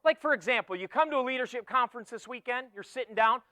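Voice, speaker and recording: A man in his forties giving an energetic motivational keynote talk to students, joking and teasing the crowd, swinging from loud bursts to hushed asides. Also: extremely high pitch, quick pace, no room sound. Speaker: keynote speaker. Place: conference hall with a student audience.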